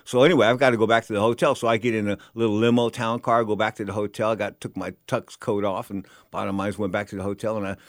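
A man's voice: on the low side, level tone, fast, few pauses, dry recording, studio quality. A man telling a rambling anecdote about his time as a boxing announcer, often saying "bottom line is" and acting out the quotes. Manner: digressive, repeats "bottom line is", acts out quotes.

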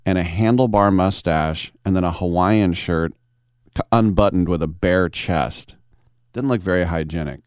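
A man's voice: low-pitched, darkish tone, clean tone, dry recording, studio quality. A man hosting a sports talk radio show, telling rambling, wry stories with many asides. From San Francisco Bay Area.

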